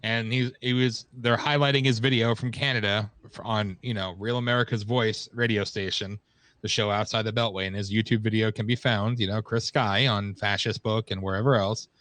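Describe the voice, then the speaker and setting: A man's voice: on the low side, fairly even intonation, normal speed, fairly bright tone, no room sound. A man co-hosting a radio talk show, griping bluntly and wryly with frequent swearing. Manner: blunt, profane, wry griping. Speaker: co-host. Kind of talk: casual political chat.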